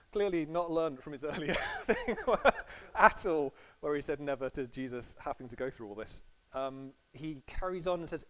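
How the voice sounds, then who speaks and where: Slightly high-voiced man preaching casually. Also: huge pitch swings, normal speed, fairly bright tone, low-quality recording. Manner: casual storytelling, acts out quotes playfully. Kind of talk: sermon.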